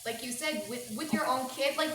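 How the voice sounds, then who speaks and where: A woman's voice: high-pitched, normal speed, a crowd in the background. A woman hosting a podcast as a family therapist, talking in an empathetic, affirming way. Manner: empathetic, affirming, animated reactions. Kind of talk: supportive interview talk. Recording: echoey room with faint noise.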